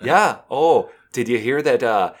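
A man's voice: medium pitch, expressive, unhurried. A man voicing a cheery, folksy Minnesotan man who gabs about sports and food in a sing-song Minnesota accent. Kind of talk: comic impression in podcast chat.

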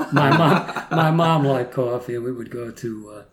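A man's voice: mid-range voice, unhurried. An eighty-two-year-old man, reminiscing in casual chat and chuckling as he rambles through stories. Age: 80s. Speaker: guest. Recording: roomy echo, faint noise.

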